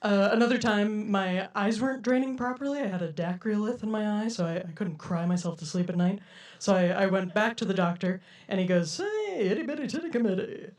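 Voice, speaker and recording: A woman's voice: medium pitch, steady tone, brisk, darkish tone, recorded from a distance. A young woman performing a stand-up comedy set for a live audience, with a playful, giggly delivery and frequent laughs.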